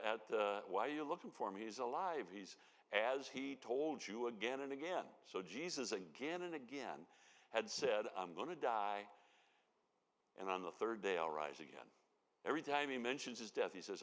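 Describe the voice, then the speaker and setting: A man's voice: on the low side, fairly bright tone. A man giving sermon-style Bible teaching at a conference, telling the story with animation and acting out the lines he quotes. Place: church sanctuary. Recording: reverberant church hall.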